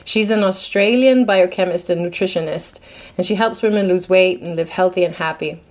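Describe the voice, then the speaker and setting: A woman's voice: on the low side, normal speed, darkish tone. Chatty woman vlogger, full of fillers. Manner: chatty, hesitant with fillers and restarts. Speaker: health vlogger. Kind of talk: casual explanatory talk to camera.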